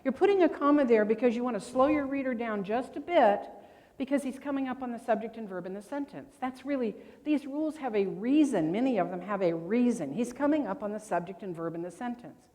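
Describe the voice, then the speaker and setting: A woman's voice: on the high side, lively intonation, brisk, darkish tone. Older woman quizzing a convention hall. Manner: chatty, quizzes the audience. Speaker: grammar presenter. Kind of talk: convention workshop talk. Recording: long hall reverb.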